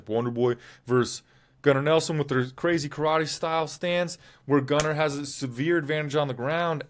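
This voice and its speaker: A man hosting a casual fight recap show, talking in a rambling, opinionated way and correcting himself as he goes. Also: mid-range voice. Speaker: MMA show host.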